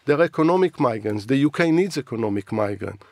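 A man's voice: medium pitch, lively intonation, fast talker, gravelly. A man who learned English as a second language, speaking earnestly as a guest on a radio panel in a studio. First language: not English. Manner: earnest, emphatic, some broken grammar. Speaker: guest commentator.

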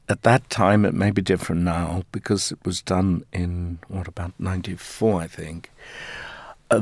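A deep-voiced middle-aged man from South Africa gives considered answers in an interview, choosing his words with care. He speaks slowly and deliberately, close to a dry, dead-sounding mic. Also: vocal fry, no echo. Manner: measured, thoughtful, deliberate phrasing. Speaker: interviewee, stage actor.

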